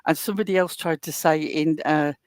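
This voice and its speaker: A woman's voice: low-pitched, steady tone, fairly quick, no echo, clean studio sound. A woman with a British accent, blunt and sarcastic, chatting casually as a co-host on a livestream. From England. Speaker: guest co-host.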